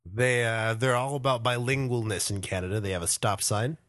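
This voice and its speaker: A man's voice: mid-range voice, fairly even intonation, brisk, fairly bright tone, no room sound. Laid-back male podcast co-host, dry sound. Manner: laid-back, reads news stories aloud. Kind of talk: casual chat.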